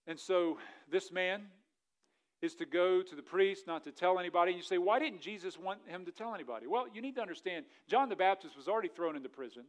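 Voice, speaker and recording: Male pastor, somewhat higher voice, sermon delivery with big dynamic swings and scripture reading. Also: lively intonation, quick pace. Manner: preaching with rising intensity, then dropping quiet; reads scripture aloud in old-fashioned wording.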